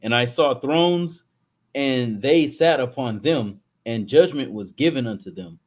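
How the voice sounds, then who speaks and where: A man's voice: mid-range voice, lively intonation, a little slow. A man in casual chat who also reads a Bible passage aloud. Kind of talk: casual chat and scripture reading.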